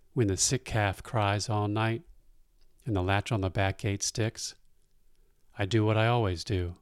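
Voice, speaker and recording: A man reading a first-person story aloud in a plain-spoken, unhurried way. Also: deep voice, dry recording, clean studio sound.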